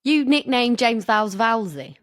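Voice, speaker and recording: A woman's voice: a little high, very animated, moderate pace, no echo, studio quality. Woman in casual podcast chat. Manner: direct, teasing, conversational. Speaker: podcast co-host.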